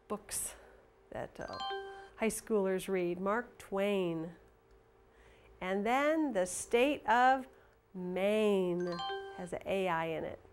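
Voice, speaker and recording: A woman's voice: on the high side, a little hiss or hum. A middle-aged woman teaching phonics to young children, showing objects one by one in a patient show-and-tell way. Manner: gets excited calling a pretend horse race. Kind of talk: video lesson for young children.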